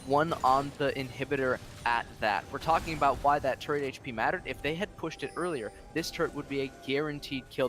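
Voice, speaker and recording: A man giving color commentary on an esports match, explaining the play and tagging points with "right?". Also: medium pitch. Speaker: esports analyst.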